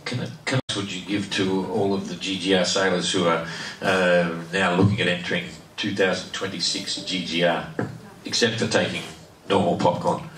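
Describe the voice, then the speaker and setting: Low, flat male interviewer in an echoey space with a crowd behind. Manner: halting, restarts his question. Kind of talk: interview question. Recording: roomy and distant, crowd behind.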